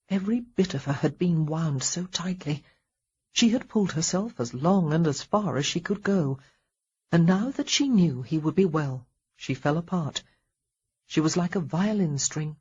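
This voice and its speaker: A woman narrating a historical romance audiobook in a soft, measured reading with a breathy voice. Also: fairly low pitch, lo-fi sound. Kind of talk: scripted narration.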